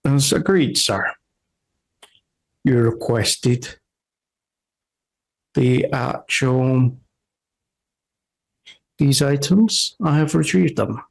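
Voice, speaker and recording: A hunched, masked man in black clothes, a nervous go-between in a tabletop adventure, as a man puts him on. He talks slowly, halting and defending himself. His voice sits mid-range. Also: mid-range voice, gravelly, exaggerated voice, low-quality recording. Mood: defensive.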